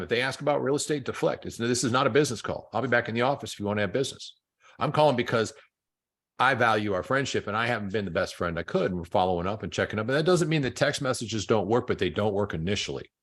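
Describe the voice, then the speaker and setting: A man's voice: mid-range voice, fast talker, fairly bright tone, breathy edge. A man coaching a group, telling stories and acting out both sides of phone calls. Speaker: real estate coach.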